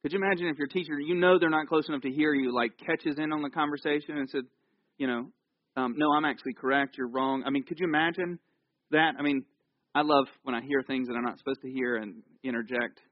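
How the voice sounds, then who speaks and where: A man giving a conversational, jokey sermon in a church, telling the story with animated asides. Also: mid-range voice, fairly quick, no echo, lo-fi sound. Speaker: pastor.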